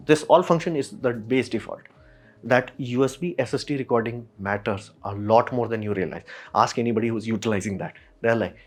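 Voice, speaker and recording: A man's voice: medium pitch, quick pace. Frustrated man ranting about a camera. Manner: animated, frustrated, acts out imagined company replies. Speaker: camera reviewer. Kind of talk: ranting tech review.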